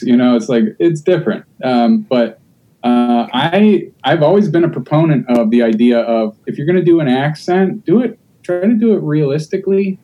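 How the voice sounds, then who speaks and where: Podcast co-host, male, mellow tone, rambling casual chat full of fillers. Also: mid-range voice, expressive, normal speed, low-quality recording. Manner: rambling, loose, many fillers and restarts.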